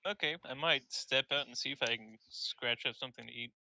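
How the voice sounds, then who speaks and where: A man's voice: medium pitch, brisk, vocal fry, bright, forceful tone, no room sound, low-quality recording. A man playing a tabletop game, asking the game master lots of questions in a casual way. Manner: inquisitive, asks lots of questions. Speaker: player.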